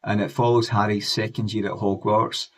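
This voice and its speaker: A man's voice: on the low side, level tone, normal speed, a bit bright. A man, chatting in a rambling, enthusiastic way as he looks back on old TV shows and films for his vlog. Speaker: music and pop culture vlogger. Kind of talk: casual nostalgic retrospective.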